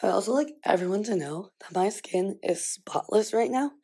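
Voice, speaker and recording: A woman's voice: medium pitch, expressive, moderate pace, mellow, husky. A young woman in her twenties chatting casually to camera at home while getting ready, rambling with lots of "like". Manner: chatty, rambling, heavy use of "like". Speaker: vlogger. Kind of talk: casual chat.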